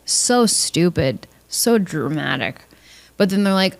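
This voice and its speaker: Woman podcast host, lower voice, casual monologue, profane and jokey, mimics relatives with squeaky put-on voices. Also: lively intonation, takes it slowly, vocal fry. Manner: blunt, profane, jokey, mimics family members in high voices.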